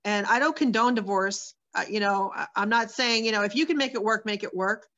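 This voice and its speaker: A woman telling her own life story as an interview guest, candid and earnest. She talks at a middle pitch and loosely, with plenty of fillers and restarts. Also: fairly quick, fairly bright tone, lo-fi sound. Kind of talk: sharing a personal testimony.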